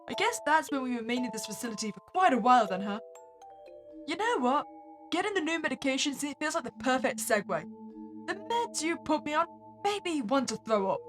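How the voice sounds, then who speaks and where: A woman's voice: sits high, expressive, fairly quick, a bit bright, faint music behind. A woman playing through a horror visual novel, reading the player's lines aloud and adding wry, sarcastic asides. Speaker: game streamer.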